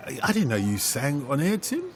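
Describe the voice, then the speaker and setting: A man's voice: mid-range voice, sing-song, fairly quick, slight background noise. A man hosting a radio football phone-in, reading out listener emails and coaxing his pundits with teasing banter.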